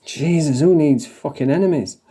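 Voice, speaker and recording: A man's voice: on the high side, normal speed, warm tone, husky. A man from England reacting to clips with crude, mocking casual commentary, swearing and laughing often.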